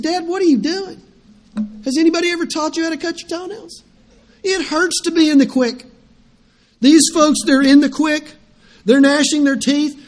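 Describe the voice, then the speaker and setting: A middle-aged man preaching a sermon as pastor, telling stories animatedly and putting questions to the congregation. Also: sits high.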